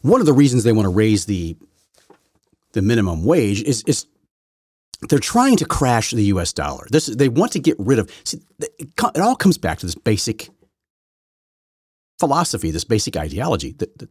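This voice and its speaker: A man's voice: medium pitch, a little mellow, slightly rough, no room sound, studio quality. A man hosting a solo political commentary podcast, rambling and combative, often correcting himself mid-sentence. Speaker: podcast host.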